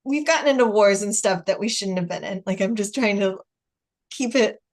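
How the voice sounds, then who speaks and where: A woman's voice: mid-range voice, moderate pace. An American woman in her forties hosting a casual video call chat, telling stories with frequent laughter and acted-out dialogue. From United States. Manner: chatty storyteller, laughs often, acts out dialogue. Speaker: host.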